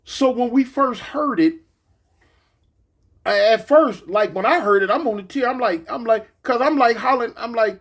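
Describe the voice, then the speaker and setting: Animated high-voiced man telling stories. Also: normal speed. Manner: animated, acts out the voices of others in the story, many fillers and repeats. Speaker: former gang member telling prison stories. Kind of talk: casual storytelling.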